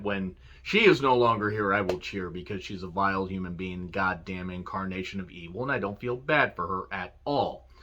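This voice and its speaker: A man giving a casual solo review of a wrestling show, cursing freely, laughing and quoting promo lines with excitement. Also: sits low. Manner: profane, enthusiastic, laughs and quotes lines.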